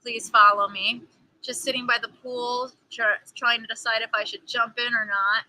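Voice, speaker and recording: A woman's voice: fairly high pitch, flat delivery, normal speed, pushed and bright, low-quality recording. A young woman who acts, chatting casually on a live stream and reading aloud outdoors by a pool, with many "like" fillers. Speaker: actor and live-stream host.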